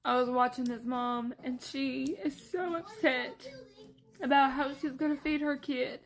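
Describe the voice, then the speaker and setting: A woman's voice: high voice, a little slow. A working mother venting in a vlog, angry, tearful and swearing. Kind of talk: emotional vlog rant.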